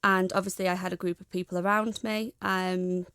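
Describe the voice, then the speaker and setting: A young woman, a guest in an interview, speaking frankly and reflectively in a steady way. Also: lowish voice, normal speed, clear, resonant tone, no echo, clean studio sound. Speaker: guest, charity founder. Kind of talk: candid interview talk.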